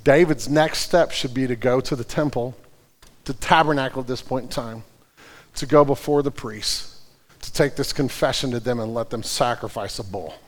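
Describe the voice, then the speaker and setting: A man preaching a sermon, earnest, moving between fervent prayer and quiet, careful explanation. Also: mid-range voice, moderate pace, big-room sound. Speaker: pastor.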